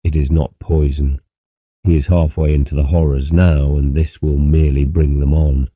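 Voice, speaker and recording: A grave, calculating ship captain gives formal orders in a very deep, dark voice, played by a man narrating the story. He sounds measured and cool. The audiobook recording is dry and close. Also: little pitch movement, no room sound, dull audio.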